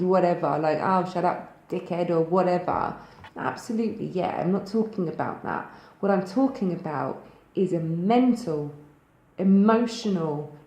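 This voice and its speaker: A woman with a Thanet accent from Kent speaks on her own channel in a frank, emphatic, casual way, swearing freely. Her voice sits on the low side. The room around her is echoey. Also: warm tone. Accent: English, Thanet in Kent. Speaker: spiritual video host. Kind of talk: casual direct-to-camera talk.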